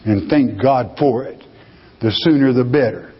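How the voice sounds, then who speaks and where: Husky man teaching scripture in a hall. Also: medium pitch, a little slow. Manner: emphatic, rhetorical questions answered himself. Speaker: Bible teacher. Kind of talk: verse-by-verse Bible teaching. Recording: dull lo-fi recording in a reverberant hall.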